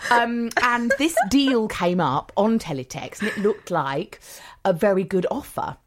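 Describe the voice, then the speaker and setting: A middle-aged woman, co-hosting a radio show and telling stories in a chatty, animated way with frequent laughter. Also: medium pitch, measured pace. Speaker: radio co-host. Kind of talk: casual radio chat.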